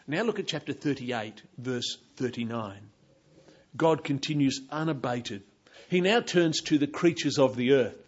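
A man's voice: medium pitch, expressive, unhurried, slightly rough, muffled recording. A man giving a Bible teaching, explaining passages and pointing his listeners to verse after verse.

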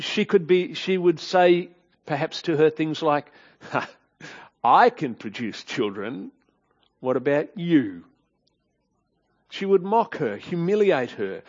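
A man preaching a sermon, walking through a Bible passage in a measured, earnest way and asking rhetorical questions. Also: a little high. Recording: dull lo-fi sound.

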